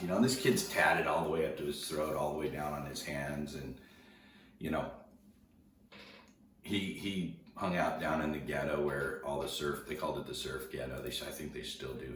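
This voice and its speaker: Very deep-voiced man telling a story. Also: fairly bright tone, slight background noise. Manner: rambling, conversational, with repeated restarts and quoted dialogue. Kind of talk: casual storytelling. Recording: echoey room heard from a distance.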